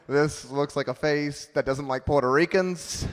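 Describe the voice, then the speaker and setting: A man's voice: on the high side, unhurried, long reverb tail, a little hiss or hum. A man in his thirties doing a punchy, self-mocking stand-up comedy set on a club stage. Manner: punchy, self-mocking delivery with acted-out quotes.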